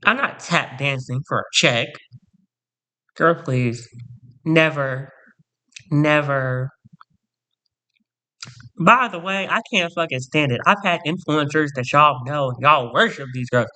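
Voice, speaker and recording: Male vlogger, sassy and dramatic storytime ranter, bright forceful voice. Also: fairly high pitch, lively intonation, unhurried. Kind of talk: storytime rant to camera.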